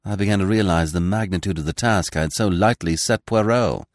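A man's voice: low voice, brisk, dry recording, clean studio sound. A man giving a dramatic scripted reading of a classic mystery novel. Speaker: audiobook narrator. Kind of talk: scripted narration.

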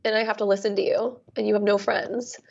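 A woman as a therapy client, speaking in halting, raw, emotional bursts. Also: medium pitch, level tone, vocal fry, darkish tone, muffled recording.

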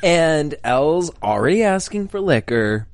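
Playful tipsy male host, lively pitch. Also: measured pace, dry recording. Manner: loud, playful, laughing often. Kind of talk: casual after-show chat. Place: studio.

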